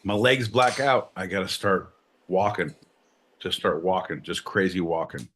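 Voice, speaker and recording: A man's voice: expressive, unhurried, slight background noise. A man co-hosting a live podcast, joking and swearing in casual banter with big swings in his voice. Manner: profane, jokey, loud swings in pitch. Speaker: podcast co-host.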